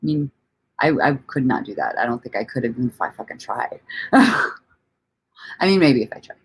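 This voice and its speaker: A woman's voice: deep voice, sing-song, a little slow, pauses often. A woman hosting a casual livestream chat from home, laughing often, swearing freely and rambling with restarts while she greets and answers viewers. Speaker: livestream host.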